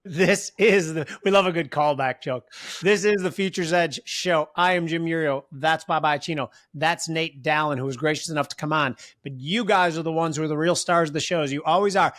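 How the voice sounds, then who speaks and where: A man's voice: fairly high pitch, moderate pace, fairly bright tone, no echo, clean studio sound. A man co-hosting a podcast, upbeat and joking in casual, plain-spoken chat. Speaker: podcast co-host.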